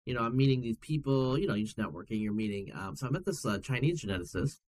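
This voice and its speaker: A man chatting as a podcast guest, telling stories in an animated, rambling way. He fills gaps with "um" and "like" and restarts sentences often. His voice sits at an ordinary middle pitch. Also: quick pace, poor audio. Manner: rambling, lots of fillers and restarts; animated storyteller. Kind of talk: casual chat.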